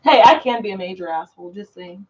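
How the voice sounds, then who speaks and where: A woman's voice: medium pitch, animated, fast talker, darkish tone. A woman in a casual livestream chat, blunt and teasing, laughing often. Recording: distant mic, dull sound.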